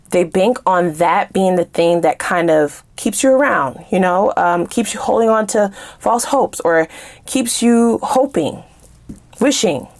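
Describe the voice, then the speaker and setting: Sassy, animated woman tarot reader. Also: on the low side. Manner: animated, sassy, swears freely, laughs while ranting. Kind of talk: casual tarot reading to viewers.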